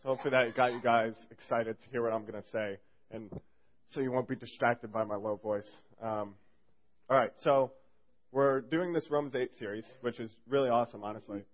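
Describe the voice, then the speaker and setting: A man's voice: mid-range voice, fairly even intonation, a little fast. A young man giving a casual youth sermon as a fill-in speaker, rambling and joking with lots of fillers. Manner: rambling and jokey, heavy on fillers. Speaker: youth group speaker filling in. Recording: dull lo-fi recording.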